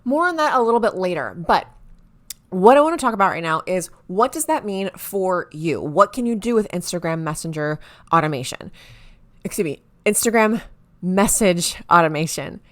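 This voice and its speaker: Excitable woman explaining marketing tips. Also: fairly low pitch, normal speed. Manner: excitable, stumbles over words when excited. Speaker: marketing video host. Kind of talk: enthusiastic to-camera explainer.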